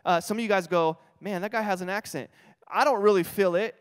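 A New Mexican man in his thirties preaches a chatty, self-deprecating sermon in a high voice. His words ring out with a long reverb in a church auditorium. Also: fairly quick, clean tone. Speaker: pastor. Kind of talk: conversational sermon.

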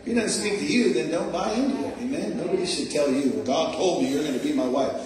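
A man's voice: a little high, quick pace, a crowd in the background. Echoey, distant preaching man. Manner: animated, laughing, calls out "Amen?" to the congregation. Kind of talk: sermon. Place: church sanctuary. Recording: very echoey room, voice picked up from a distance.

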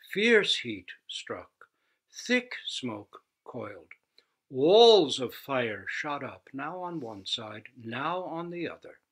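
A man who teaches Zen, telling a fable slowly and expressively. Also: fairly high pitch. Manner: slow, expressive storytelling. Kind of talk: storytelling talk.

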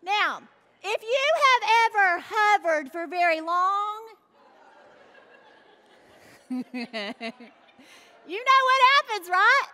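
A woman with a Southern US accent, hosting and telling a funny story to a live audience in an animated, folksy way. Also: very high voice. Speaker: host and speaker.

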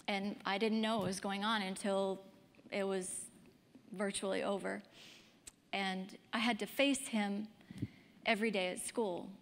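A woman's voice: a little high, fairly bright tone. A woman in her fifties giving a candid personal testimony as a speaker, in a conversational storytelling way. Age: 50s. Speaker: pro-life speaker. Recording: long hall reverb.

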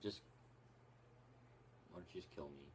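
Young man, very deep low voice, whiny jokey tone, noisy home recording. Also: unhurried. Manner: whiny, joking. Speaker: boyfriend. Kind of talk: casual chat.

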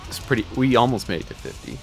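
A man telling animated stories and doing silly voices while playing a game with friends, swearing freely. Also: mid-range voice, quick pace, gravelly, music in the background. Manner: animated storyteller, does silly impressions, swears. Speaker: gamer on a co-op stream. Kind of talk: casual gaming banter.

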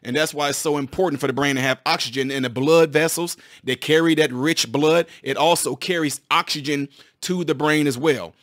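A somewhat high-voiced man explains a medical topic straight to his viewers, talking fast and getting excited as he goes. He restarts and repeats phrases, talking casually. The sound is dry and close, with no room echo. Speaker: former physical therapist commenting on news.

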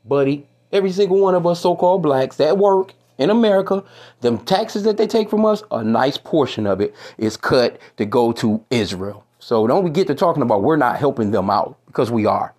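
A man's voice: mid-range voice, expressive, fairly quick, a little mellow. A man delivering a heated, profane commentary rant, stumbling over repeated words and stopping to read scripture. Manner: profane, heated, repetitive restarts, quotes scripture. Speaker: commentary vlogger. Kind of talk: ranting commentary video.

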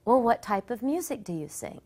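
A kindly grandmother speaks quietly and warmly to a scared stranger, her tone dropped low and soothing. A woman puts her on while telling a story. The voice stays gentle and patient throughout. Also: very animated, brisk. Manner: soft, gentle and reassuring.

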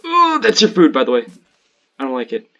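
A man's voice: sits high, huge pitch swings, brisk, a bit bright, muffled recording. A man chatting casually with a friend while gaming, telling crude joking stories. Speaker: gamer playing with a friend.

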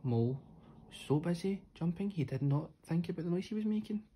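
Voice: medium pitch, a little fast, a little hiss or hum. A storyteller reading a children's picture book aloud, playing up the sound words. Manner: lively, playful sound words.

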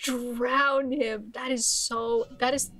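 A woman's voice: a little high, fairly even intonation, takes it slowly, fairly bright tone, a little hiss or hum. A young woman streaming a video game, chatting casually in a giggly, scattered way full of exclamations and restarts.

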